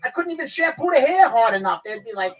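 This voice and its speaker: A middle-aged man telling loud, profane anecdotes in casual chat, acting out the people in his stories. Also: very high-pitched, quick pace, rough recording. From New York. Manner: animated, swearing, acts out people in stories. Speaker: guest storyteller.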